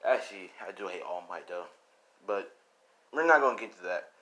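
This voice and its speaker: A man's voice: sits low, lively intonation, fairly quick, sharp tone. A man casually retelling a fan story, rambling and swearing as he goes. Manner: rambling, profane, laid-back. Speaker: storyteller youtuber.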